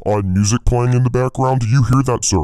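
A man's voice: mid-range voice, fairly even intonation, fast, close to an everyday voice. A man voicing a dim, deferential male sidekick who calls the host boss, hesitating with many fillers. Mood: puzzled.

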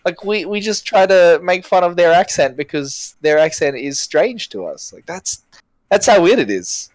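A man from Australia with an Australian accent, talking about games in an animated, rambling casual chat with lots of fillers. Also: high-pitched, moderate pace, no room sound.

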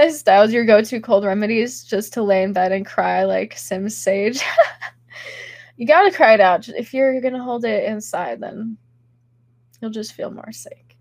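Young woman host, sick-sounding and stuffy, giggly and loose, fairly high pitch, dry close recording. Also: unhurried, darkish tone, no echo. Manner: giggly, chatty, many fillers. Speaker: podcast host reading chat. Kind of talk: casual livestream chat.

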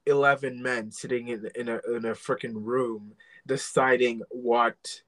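Man, casual podcast co-host, unhurried delivery, hesitant and restarting often. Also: mid-range voice, fairly even intonation, a bit bright, rough recording. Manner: hesitant, full of restarts and trailing thoughts. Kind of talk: casual chat.

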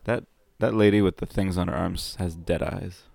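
A man co-hosting a podcast, making deadpan jokes in casual chat. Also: low voice, normal speed, gravelly, no echo. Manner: dry joking, deadpan quips. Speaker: podcast co-host. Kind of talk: casual chat, reacting to a show.

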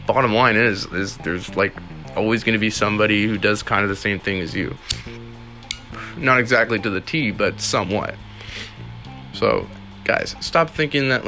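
A gravelly, sharp voice on the low side belongs to a young man running a casual solo podcast. He's laid-back and rambles, swearing along the way and often breaking into laughter.

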